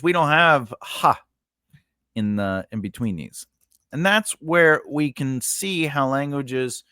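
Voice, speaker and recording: Male writing teacher, loose unscripted lesson, slow and wandering, lively pitch. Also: clear, resonant tone, no room sound, studio quality. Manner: rambling, self-correcting, checks in with "right?". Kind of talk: casual whiteboard lesson.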